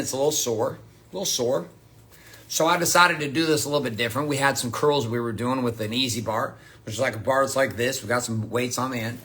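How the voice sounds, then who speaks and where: A man's voice: medium pitch, sharp tone. A man giving a blunt, profane motivational monologue as a coach.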